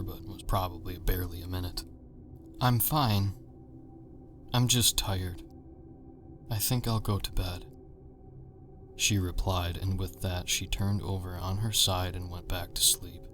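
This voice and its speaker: A man narrating a horror story in a measured, tense manner. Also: deep voice, fairly bright tone.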